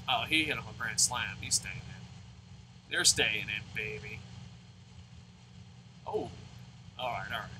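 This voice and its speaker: A man commenting on a baseball video game while telling rambling stories, excitable and swearing. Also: medium pitch, a little hiss or hum, low-quality recording. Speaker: let's play gamer. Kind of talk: gaming commentary with storytelling.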